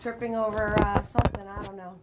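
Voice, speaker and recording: Heavy background noise surrounds a woman from Washington state who hosts a live online painting class. Her mid-range voice is brisk and flat in delivery, even as she greets viewers in a sing-song way and chats with them.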